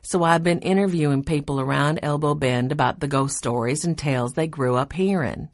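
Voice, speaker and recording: A woman's voice: low voice, brisk, no echo, studio quality. A woman voicing a friendly, upbeat young college student in a storybook reading.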